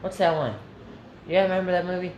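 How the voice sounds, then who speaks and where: A young man chatting casually with his brothers, often halting and restarting as he remembers things. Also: high-pitched, steady tone, darkish tone, muffled recording. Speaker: sibling in casual chat. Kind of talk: casual chat. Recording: echoey room with background noise.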